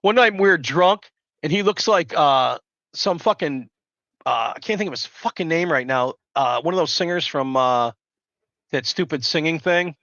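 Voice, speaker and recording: A man rambles through a live stream, loud and foul-mouthed. His voice is forceful and a bit high, and the sound is dull and dry, like a lo-fi mic. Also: lively intonation, moderate pace, no room sound. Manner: loud, rambling, swears constantly. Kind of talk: profane casual storytelling chat.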